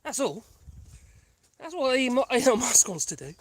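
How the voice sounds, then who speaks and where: A woman vlogs casually while walking a country path, out of breath, chatty and rambling, laughing often. Her voice is a little high and sing-song, at normal speed.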